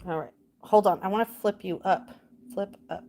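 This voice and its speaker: A woman's voice: medium pitch, normal speed, mellow, slight background noise. A woman vlogging casually to her viewers from her home kitchen and yard, chatting and talking to herself as she goes. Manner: chatty, talks to herself while cooking.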